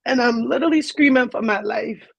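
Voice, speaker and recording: A woman's voice: fairly high pitch, fairly quick, creaky, slightly rough, no echo. A woman, a guest on an interview show, earnestly retelling a personal story in vivid detail. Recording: dull lo-fi dry sound.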